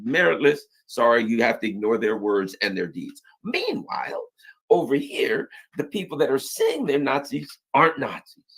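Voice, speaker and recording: A man's voice: medium pitch, big pitch swings, moderate pace, gravelly, few pauses, a bit bright, slightly rough. A man hosting a sarcastic political news commentary, mocking and ironic as he talks. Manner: mocking, heavy sarcasm with mock voices.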